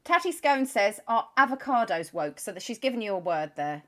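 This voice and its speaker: A woman's voice: medium pitch, sing-song, a little fast, a crowd in the background. A woman hosting a live comedy chat show, teasing her guest and reading out viewer suggestions with giggly banter.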